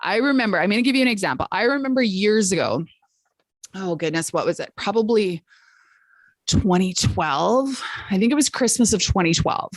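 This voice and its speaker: A woman's voice: mid-range voice, lively intonation, normal speed, dry recording. A woman travel sales coach hosting a coaching call, telling stories in a chatty way with exclamations.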